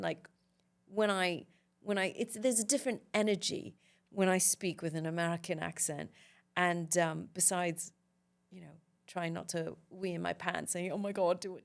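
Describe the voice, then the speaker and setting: A woman's voice: on the low side, vocal fry. A woman actress chatting as an interview guest, enthusiastic and talkative, with laughs and filler words. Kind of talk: casual interview chat.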